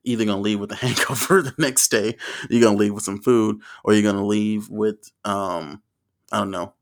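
Low gravelly man telling stories. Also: steady tone, moderate pace. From Southern United States. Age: around 30. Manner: rambling and profane, laughs often. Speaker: storyteller. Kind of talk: casual comedic storytelling.

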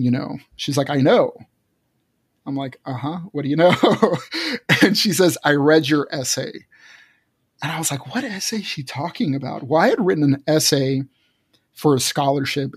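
A man's voice: on the high side, darkish tone, husky, dry recording, clean studio sound. A man earnestly telling a personal story as a guest, with frequent restarts. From Texas.

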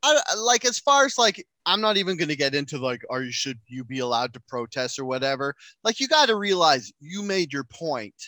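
Young man, podcast co-host, loose animated chatter, crisp dry close-mic read. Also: fairly high pitch, brisk, few pauses, no echo. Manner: animated, profane, acts out quotes. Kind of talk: casual chat.

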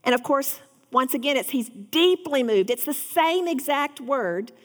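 Earnest woman teaching scripture, high voice. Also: animated, unhurried, long reverb tail. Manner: earnest, rises to fervent emphasis. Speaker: Bible teacher. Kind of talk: devotional teaching.

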